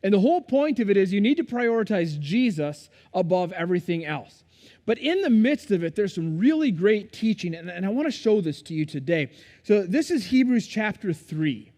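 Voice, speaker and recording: A man's voice: sits high, big pitch swings, moderate pace, a little mellow, long reverb tail. A man preaching a sermon as pastor, in a loose, conversational way that keeps checking in with the congregation. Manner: conversational, asks the congregation questions. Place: church sanctuary.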